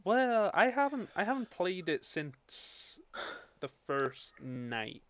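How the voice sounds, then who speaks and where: A man's voice: high-pitched, very animated, slow pace, fairly bright tone. A young man hosting a casual podcast chat, laid-back and mostly giving short replies. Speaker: podcast host.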